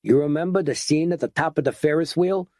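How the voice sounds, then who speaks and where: A man doing a gruff, bellowing cynic. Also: fairly high pitch, fairly quick, warm tone, dry recording, studio quality, pitched above the performer's own voice, lightly acted. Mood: cynical. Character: blunt, cynical middle-aged man taking charge.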